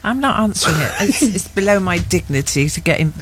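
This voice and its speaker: A woman's voice: fairly low pitch, animated, brisk, a little hiss or hum. A woman co-presenting a radio show, teasing her co-host with mock indignation and frequent giggles. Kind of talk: playful radio banter.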